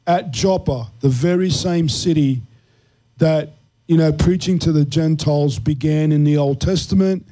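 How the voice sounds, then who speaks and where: Host, NY-man, slightly high but dark, mellow voice, earnest explainer. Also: measured pace, rough recording. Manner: earnest teaching tone with fillers. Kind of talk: Christian talk show discussion.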